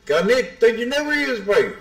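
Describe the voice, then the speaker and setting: A man's voice: very high voice, fairly quick. A man giving casual live pool commentary, bantering and calling people bro. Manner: relaxed banter, calls everyone bro. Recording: echoey room.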